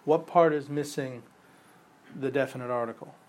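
A man's voice: mid-range voice, fairly even intonation, normal speed, darkish tone, slight background noise. A man teaching a Bible class, explaining patiently, repeating key points and quizzing his students, with the odd chuckle at his own examples. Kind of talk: classroom lecture.

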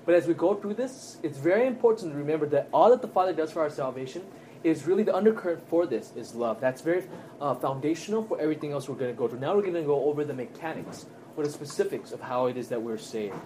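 Man, Bible study teacher, slightly higher voice, earnest, emphatic, faint background noise. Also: lively intonation, quick pace, dark tone. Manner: earnest, emphatic, checks in with tag questions.

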